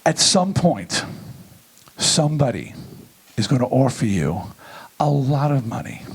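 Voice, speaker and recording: A middle-aged man giving a comedic, profane keynote and telling a story with lively energy. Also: mid-range voice, a little slow, husky. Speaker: keynote speaker. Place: large event venue.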